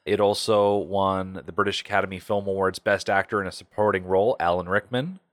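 Low-voiced man, dry movie podcast chat. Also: fairly even intonation, brisk, no echo. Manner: reads facts and quotes, then wry asides. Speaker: podcast co-host. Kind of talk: casual movie review chat.

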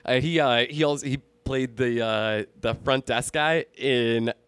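A man's voice: mid-range voice, measured pace, clean tone, no echo. A man in his thirties, a bit tipsy, telling rambling, profane stories in a casual chat. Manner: rambling, profane, animated storytelling. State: tipsy from drinking.

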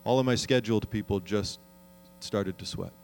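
A man preaching a sermon as pastor, earnest and conversational, often asking the congregation questions and slowing down to read scripture. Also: fairly low pitch, vocal fry, a little mellow, slight background noise.

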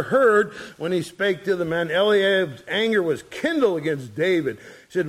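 A man's voice: a little high, expressive, unhurried. A man preaching a sermon in a folksy storytelling way, chuckling as he goes. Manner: folksy, chuckles through his stories.

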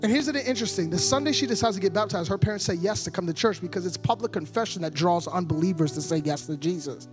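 A man preaching a sermon as a guest preacher, passionate and playful, moving from quiet storytelling to loud shouts. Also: high-pitched, fast, hardly any pauses, over music. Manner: playful, jokey asides.

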